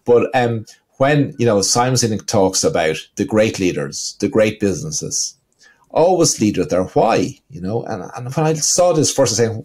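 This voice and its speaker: A man's voice: fairly low pitch, very animated, normal speed, a little mellow, husky. A man with an Irish accent, co-hosting a casual business podcast and telling stories with lots of "you know". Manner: storytelling, leans on "you know". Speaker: podcast co-host.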